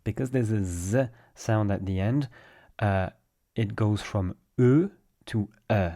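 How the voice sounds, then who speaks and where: A man from France with a French accent, patiently explaining French pronunciation in a relaxed way, with small fillers. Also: lowish voice, slow. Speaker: French teacher.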